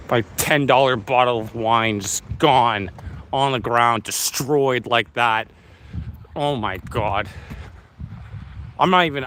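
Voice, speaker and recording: A man's voice: medium pitch, bright, forceful tone, a little hiss or hum. A man vlogging while walking outdoors, ranting at himself in a stream of swearing. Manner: swearing, self-berating rant. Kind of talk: walking vlog monologue. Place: outdoors along city streets.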